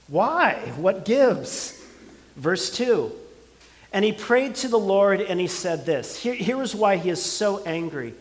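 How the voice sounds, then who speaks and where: Man, pastor, sermon, high voice, emphatic repetition, long hall reverb. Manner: emphatic, repeats words for stress.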